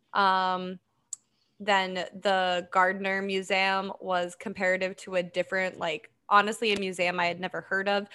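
Chatty bright-voiced woman podcast co-host. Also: medium pitch, clean tone. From Boston area. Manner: chatty, lots of ums, laughs easily. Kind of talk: casual chat recapping a documentary.

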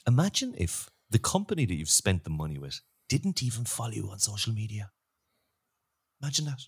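A man hosts a sports podcast in loose, joking chat. His pitch swings widely up and down, and he keeps a lively, animated delivery. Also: fairly quick, gravelly, husky. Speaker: podcast host. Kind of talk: casual chat.

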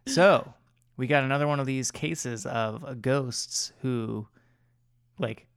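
A man of middle pitch tells a story on a podcast in loose, chatty fashion. He rambles, stumbles on words and pokes fun at himself with frequent laughs. The sound is close and dry. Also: steady tone, unhurried, vocal fry, fairly bright tone, clean tone, dry recording. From Maryland. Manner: rambling, self-deprecating, laughs often, stumbles over words. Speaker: podcast co-host. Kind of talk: casual storytelling chat.

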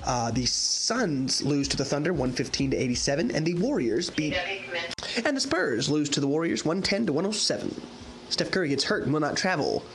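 A man giving a casual sports news update, excitable, swearing and exclaiming as he goes. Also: on the high side, normal speed, a little hiss or hum.

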